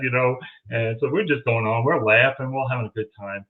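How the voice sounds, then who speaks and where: A guest on the show, a paranormal audio investigator, tells a story in casual conversation and acts out the lines of the people he quotes. His medium-pitched voice has lively intonation and a moderate pace. The line sounds tinny, like a phone call.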